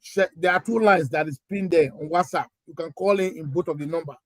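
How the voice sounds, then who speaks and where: A man opens a call-in livestream and plainly invites viewers to phone in. His voice is fairly high. The sound is dry and close, with little room echo. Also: brisk. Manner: plain, inviting callers, slight restarts. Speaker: livestream host.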